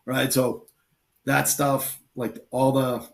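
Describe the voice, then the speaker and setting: A man's voice: medium pitch, little pitch movement, takes it slowly, creaky, a little hiss or hum. Rambling ex-soldier man, casual host. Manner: rambling, filler-heavy storytelling. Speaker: live stream host. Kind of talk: casual chat.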